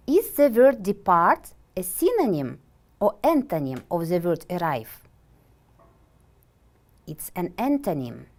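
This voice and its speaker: A woman teaching an English vocabulary lesson for television, pronouncing every word slowly and deliberately. Her pitch rises and falls lively as she asks questions and then answers them herself. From Kyrgyzstan. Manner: slow, deliberate, clearly enunciated.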